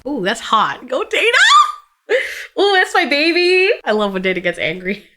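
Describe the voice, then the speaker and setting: A woman's voice: sits high, sing-song, moderate pace, loud music behind the voice. A woman giving blunt, sarcastic reaction commentary, swearing freely and laughing often. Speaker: reaction streamer.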